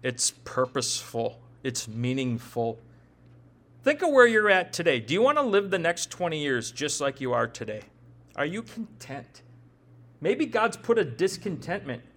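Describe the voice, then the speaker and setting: A man preaching a sermon in a conversational, animated way, often acting out quoted dialogue. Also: a little high, a little slow. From Upper Midwest of the United States. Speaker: pastor.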